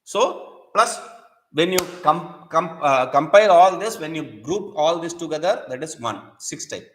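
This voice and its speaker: A man's voice: fairly high pitch, lively intonation, measured pace, fairly bright tone, a little hiss or hum. Man teaching scripture in an echoey room. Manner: recites Sanskrit verses, then explains them in English with many restarts. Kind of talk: scripture lesson, explaining verses.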